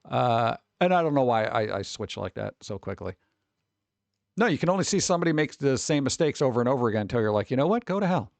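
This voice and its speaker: Speaking quickly and animatedly, a man streams and rambles to his chat in a gravelly, fry-tinged middle-pitched voice. He cusses freely and talks right to his viewers; the sound is dry and close, with no room reverb.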